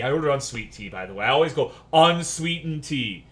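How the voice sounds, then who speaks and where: A man's voice: medium pitch, animated, fairly quick, hardly any pauses, fairly bright tone. A man streaming, telling a story as a casual rant, profane, sarcastic and exasperated.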